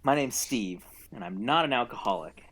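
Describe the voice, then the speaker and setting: A man of middling pitch who rants on a podcast with an exasperated edge. His voice swings up and down a lot as he complains. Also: lively intonation, normal speed, a bit bright, breathy edge. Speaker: podcast co-host. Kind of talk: comic rant.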